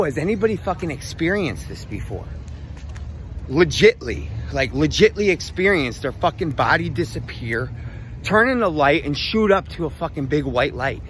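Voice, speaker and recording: A man telling a rambling personal story in a casual, profane, animated way. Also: a little high, slight background noise.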